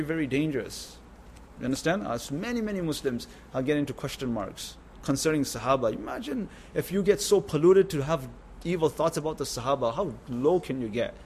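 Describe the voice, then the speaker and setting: A man with a somewhat high voice delivers an informal sermon to a religious gathering. He repeats phrases for emphasis and often stops to check that his listeners understand. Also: a little mellow, a little hiss or hum. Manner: repetitive, keeps asking "understand?". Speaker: religious teacher.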